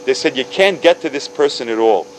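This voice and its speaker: A man in his fifties telling stories to a religious audience, animated, acting out dialogue with big jumps in pitch and sprinkling in Hebrew and Yiddish words. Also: fairly quick, a little hiss or hum, poor audio. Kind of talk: storytelling talk.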